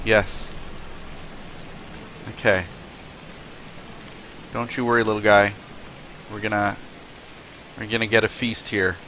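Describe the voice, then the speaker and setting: A man's voice: lowish voice, little pitch movement, slow pace, pauses often, bright, forceful tone, a little hiss or hum. A young man narrating his gameplay, talking tenderly and emotionally to the animals on screen. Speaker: gaming video host. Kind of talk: let's play commentary.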